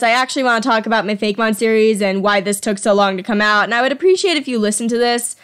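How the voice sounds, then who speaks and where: Smooth, slightly high, and a touch bright, her voice carries a relaxed, chatty tone as she draws at home. The young artist presents her fan creature designs, teasing herself and tripping over words now and then.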